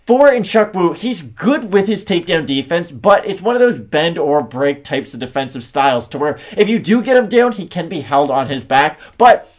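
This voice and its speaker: A man co-hosting a casual chat about an upcoming MMA fight, talking in a lively way with plenty of fillers. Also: fairly high pitch, normal speed, few pauses. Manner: lively, conversational, lots of fillers. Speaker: MMA analyst co-host.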